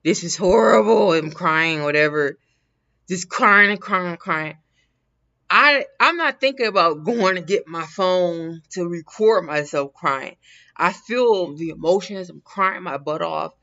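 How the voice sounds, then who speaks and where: A woman's voice: fairly low pitch, expressive, unhurried, pushed and bright. A woman hosting a casual livestream, talking in a rambling way with frequent laughs and restarts. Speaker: livestream host. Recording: dull lo-fi sound.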